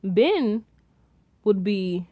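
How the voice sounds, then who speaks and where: Young female reviewer, excitable and rambling, dry room. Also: medium pitch, very slow, no echo. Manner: rambling, excitable, many restarts and fillers. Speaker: TV episode reviewer. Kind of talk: casual episode recap and theorizing.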